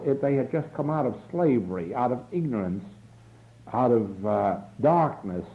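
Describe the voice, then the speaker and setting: A man giving a slow, earnest spiritual lecture in a church hall, from a 1950s archival tape recording. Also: mid-range voice, phone-quality sound. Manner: slow, earnest, deliberate delivery. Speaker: spiritual teacher.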